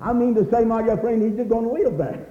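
A man preaching a fervent revival sermon, crying out praise, repeating "my dear friend," and rising into shouts. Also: extremely high pitch. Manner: rises into shouts and slows for emphasis. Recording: dull, echoey hall recording.

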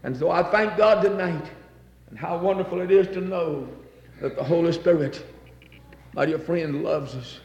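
Male preacher, fervent sermon delivery, slightly high voice, roomy echo. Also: moderate pace, gravelly, muffled recording. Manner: fervent, rising to near-shouts on emphasis. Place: church.

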